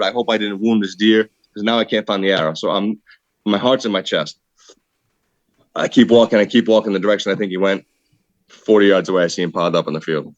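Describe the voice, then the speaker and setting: A man excitedly telling a hunting story in casual podcast chat, saying "dude" a lot. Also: lowish voice, dry recording, muffled recording. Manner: excited, animated retelling with repeated "dude". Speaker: podcast guest, hunter.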